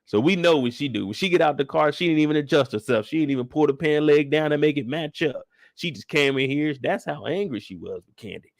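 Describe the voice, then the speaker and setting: A man hosting a casual live show recap, telling it in a profane, animated way. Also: a little high, fast, creaky, few pauses, dry recording, studio quality.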